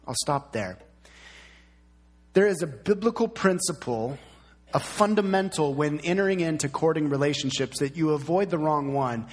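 A man's voice: a little high, expressive, moderate pace. A man in his thirties preaching a sermon as pastor, emphatic and fond of repeating key words.

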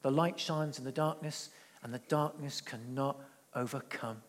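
A man preaching a sermon in a church, conversational, repeating his phrases and dropping quiet for intense moments. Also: medium pitch, normal speed, big-room sound. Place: church hall.

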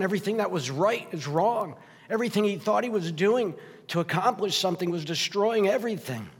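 Guy preaching in a church, kinda high voice, long echo off the walls, chatty style. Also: gravelly, breathy edge. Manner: emotional, gets choked up and laughs; conversational preaching with frequent "right?". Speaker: pastor. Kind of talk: sermon. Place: church sanctuary. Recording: long hall reverb.

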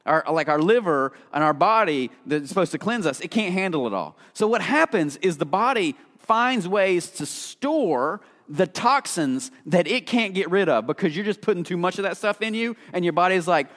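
A man's voice: sits high, a bit bright. A man preaching a conversational sermon, chatty and casual, full of fillers, acting out the voices he quotes. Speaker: pastor. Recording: long hall reverb.

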